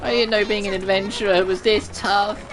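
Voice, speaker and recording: A woman's voice: steady tone, fairly quick, lightly acted, poor audio. A woman voicing a timid, whiny teenage girl adventurer from a video game, with game music playing behind. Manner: high-pitched, whimpering, panicky.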